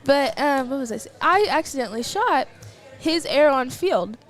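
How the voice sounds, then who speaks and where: Teenage girl, Texan accent, high voice, rambling casual live commentary. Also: lively intonation, moderate pace, faint music behind. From Texas. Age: teens. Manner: chatty, rambling storytelling with giggles. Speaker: livestream co-host.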